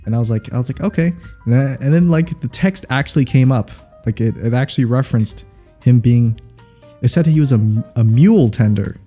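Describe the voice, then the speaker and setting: A man whose first language is not English, co-hosting a casual podcast chat. His voice sits in a middle register with a dark, relaxed tone, and he rambles and restarts as he tells a story. Faint music plays under him. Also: medium pitch, a little fast. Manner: rambling, laughing, restarts often. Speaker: podcast co-host.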